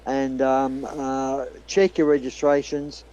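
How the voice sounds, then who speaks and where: A man's voice: medium pitch, flat delivery, slow, mellow, smooth, rough recording. A man chatting as a guest on a casual livestream, easygoing and a little hesitant. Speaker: call-in guest. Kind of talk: casual chat.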